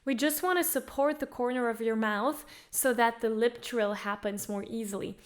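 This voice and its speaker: A woman vocal coach guiding singers through warm-up exercises, encouraging them and demonstrating by singing along. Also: fairly high pitch, moderate pace, background noise. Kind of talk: guided vocal warm-up lesson. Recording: faint piano music under voice. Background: piano accompaniment.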